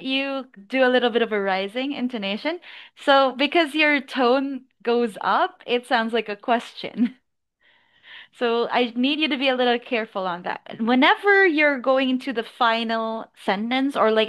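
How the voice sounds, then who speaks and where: Woman, IELTS speaking tutor, slightly higher voice, patient explanations. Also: a bit bright, clear, resonant tone. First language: English. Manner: encouraging, explains slowly with examples. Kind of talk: online speaking lesson feedback.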